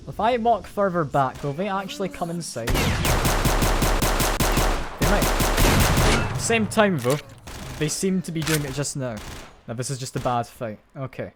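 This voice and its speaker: A man's voice: on the high side, lively intonation, a little slow, noisy background. A man giving live commentary while playing a shooter game, thinking aloud and making wry, self-mocking jokes. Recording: loud game gunfire and ambience behind voice.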